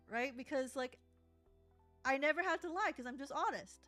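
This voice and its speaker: A young adult woman livestreaming as she crafts, telling a story in a rambling, animated way with laughs. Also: high voice, measured pace, pauses often, no echo, soft background music. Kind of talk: casual live-stream chat while crafting.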